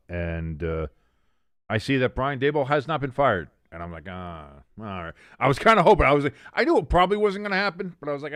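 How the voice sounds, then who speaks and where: A man's voice: medium pitch, a bit bright, no echo. Chatty man streaming a game. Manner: rambling, chatty, many restarts. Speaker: watch-along streamer host. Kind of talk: casual live-stream chat and play-by-play.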